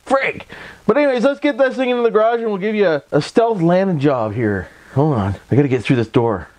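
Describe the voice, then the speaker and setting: Here the Canadian vlogger sounds high and animated, talking fairly quickly with a darkish tone. Recorded on a voice-over mic, his narration is casual and rambling, loaded with folksy catchphrases and tag questions.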